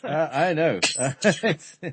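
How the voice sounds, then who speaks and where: A man explaining spiritual ideas in conversation, halting and full of fillers. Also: lowish voice, lively intonation, a little hiss or hum. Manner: hesitant, halting, many fillers. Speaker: spiritual teacher.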